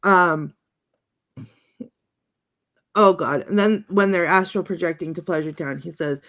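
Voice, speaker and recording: A woman's voice: lowish voice, unhurried, pauses often, a bit bright. A woman co-hosting a podcast, chatting casually and laughing often as she recounts quotes, sometimes acting them out in playful voices. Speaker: podcast co-host. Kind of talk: casual chat recounting favorite movie quotes.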